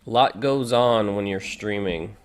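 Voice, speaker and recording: Low-voiced man chatting on a livestream. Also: a little slow, clear, resonant tone. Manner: chatty, reads viewer comments aloud. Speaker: streamer reacting to videos. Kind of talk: casual live-stream chat.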